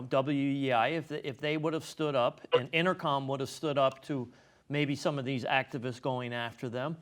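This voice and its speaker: A man's voice: fairly high pitch, slight background noise. An older man hosting a talk show, asking long, hesitant questions full of fillers. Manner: rambling, hesitant, many fillers. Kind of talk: interview questions.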